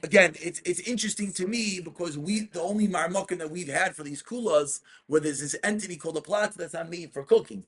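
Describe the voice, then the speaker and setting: Rabbi guy with a high voice running a study class, reads texts out and explains, cuts in to slow people down. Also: fairly bright tone, slightly rough. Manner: reads Hebrew texts aloud and explains them, asks students questions. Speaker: rabbi teaching Jewish law.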